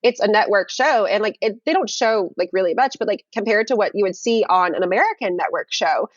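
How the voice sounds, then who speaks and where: A young woman telling a dating story in casual conversation on a video call, animated and full of fillers. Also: medium pitch, brisk, no echo, dull audio. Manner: animated, many fillers and restarts. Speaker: guest.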